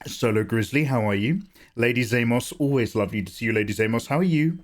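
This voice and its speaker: A man, slightly hoarse from a cough, casually chatting and joking with viewers while he draws on a live stream. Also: medium pitch, fast. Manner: chatty, joking, greets chat by name. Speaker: art streamer.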